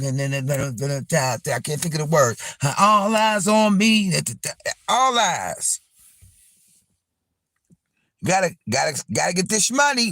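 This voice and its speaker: A man hosting a live stream, telling a story in a loose, animated way, repeating himself, swearing, and calling his viewers y'all. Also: a little high, dry recording, studio quality. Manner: animated, repetitive and profane, addressing viewers as y'all. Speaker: livestream host.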